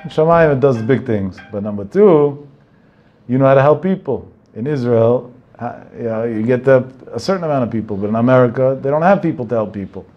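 A man's voice: medium pitch, expressive, fairly quick, lo-fi sound, soft background music. Man giving a rambling storytelling talk. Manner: digressive, anecdotal, sprinkled with Hebrew terms.

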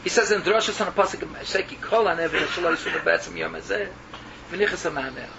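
This rabbi's voice sits high and swoops wildly in pitch as he speaks at a quick pace. His Yiddish-laced sermon mixes English with Yiddish and Hebrew terms, emotional and repetitive, swinging from cries to murmurs, all on a muffled lo-fi recording with background noise.

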